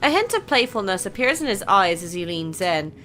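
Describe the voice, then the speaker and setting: Lady doing a game playthrough, sharp bright voice, chatty, reads the story out loud. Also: mid-range voice, sing-song, brisk, faint music behind. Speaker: gaming channel host. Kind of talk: casual game playthrough commentary.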